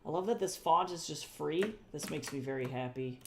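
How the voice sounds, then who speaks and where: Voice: medium pitch, moderate pace, darkish tone, a little hiss or hum. An artist chatting casually during a live drawing stream, rambling, correcting themself often, and swearing now and then. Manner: chatty and rambling, with frequent self-corrections and repeated phrases; swears casually and laughs at own jokes.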